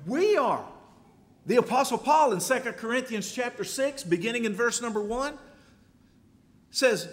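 A man preaching a sermon in an emphatic voice, building to loud exhortation. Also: extremely high pitch, expressive, normal speed, long pauses, long reverb tail.

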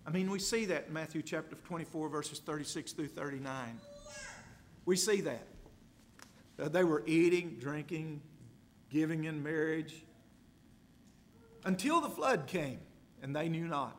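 A man's voice: fairly high pitch, animated, measured pace, pauses often, a little hiss or hum. Dramatic, repetitive male preacher. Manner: dramatic, emphatic repetition, swings from loud to hushed. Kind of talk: sermon.

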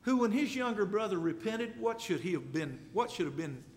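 Lively high-voiced man preaching a sermon. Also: normal speed, a little hiss or hum. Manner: emphatic, repeats key words, reads scripture in old English. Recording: long reverb of a large hall.

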